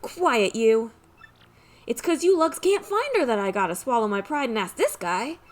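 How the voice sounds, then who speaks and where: A woman plays a gruff, commanding mob boss from a video game, leaning on slangy tough-guy talk and a put-on mobster accent. The voice sits a little high and bounces around in pitch. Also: lively intonation, moderate pace, lightly acted. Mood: stern. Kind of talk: reading game dialogue aloud.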